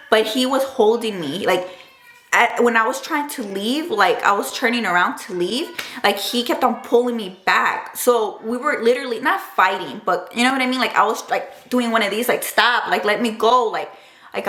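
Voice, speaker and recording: A young woman tells a personal story straight to camera in a loose, chatty way, peppering every phrase with "like" and "dude". Her voice sits a little high, and her feelings run close to the surface. The room around her rings with a noticeable echo. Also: pushed and bright. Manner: chatty, full of "like" and "dude", emotional. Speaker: vlogger. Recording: roomy echo.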